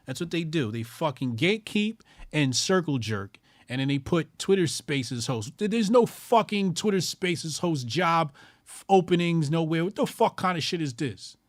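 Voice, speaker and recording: A man hosting a call-in show, ranting in loud, profane, mocking bursts and repeating lines for emphasis. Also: a little high, expressive, moderate pace, no room sound, studio quality.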